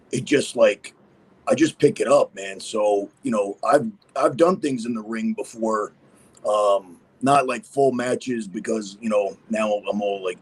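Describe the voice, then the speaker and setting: A man's voice: on the low side, breathy edge, poor audio. A man speaking as a podcast guest, rambling casually with many fillers. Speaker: guest impersonator. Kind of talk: casual interview chat.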